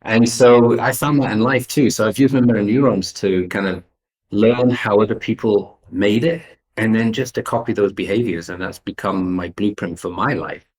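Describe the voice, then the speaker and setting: English man, very low voice, animated storyteller, restarts sentences, interview guest. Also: normal speed, rough recording. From England. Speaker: guest entrepreneur.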